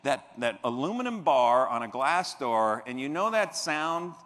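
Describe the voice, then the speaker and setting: A man's voice: medium pitch, unhurried. A man giving a motivational keynote on a convention stage, telling stories and acting out the people in them. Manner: animated, acts out quoted voices. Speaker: keynote speaker. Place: large convention hall stage. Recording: reverberant convention hall.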